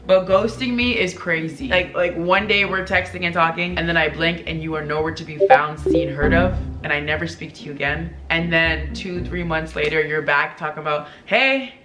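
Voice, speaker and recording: A woman's voice: deep voice, fairly even intonation, moderate pace, hardly any pauses, reverberant, over music. A woman vlogger talking casually to her viewers, chatty and full of "like", with big upward swoops in her voice. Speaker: vlogger reading viewer confessions. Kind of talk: casual chat.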